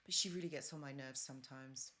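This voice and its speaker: A woman's voice: rumbling low, fast talker, fairly bright tone. A woman hosting a live-stream advice talk, chatty and rambling, with fillers and side stories. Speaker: host.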